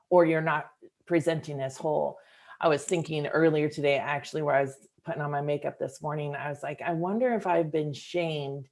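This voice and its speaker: A woman with a low voice that has a gravelly edge hosts a podcast interview. She speaks earnestly and reflectively, turning often to address her audience. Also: darkish tone. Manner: thoughtful, earnest, speaks to listeners directly. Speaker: podcast host.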